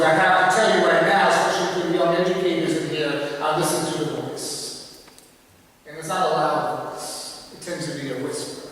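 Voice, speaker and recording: Guy telling stories at a lecture, lively with bang boom sound effects, slightly high voice, heard from far off. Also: moderate pace, a little hiss or hum. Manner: animated, with sound-effect words and acted dialogue. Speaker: guest speaker at an art symposium. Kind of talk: storytelling lecture. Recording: echoey hall, voice from far off.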